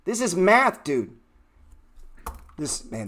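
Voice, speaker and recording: A man's voice: a little high, a little slow, fairly bright tone. A man hosting a trading livestream, ranting bluntly and swearing heatedly from his computer. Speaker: trading show host.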